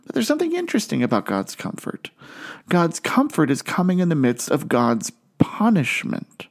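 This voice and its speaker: A man's voice: a little high, huge pitch swings, normal speed. Earnest male preacher. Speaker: pastor. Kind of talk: sermon.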